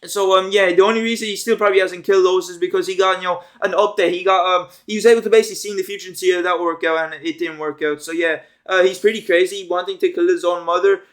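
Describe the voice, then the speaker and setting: A young man with a noticeably high voice talks through a cartoon recap off the cuff. He rambles and restarts, and he leans on slang and fillers. He sounds like an everyday commentator. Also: steady tone, fast, hardly any pauses. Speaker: show commentator. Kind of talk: casual recap chat.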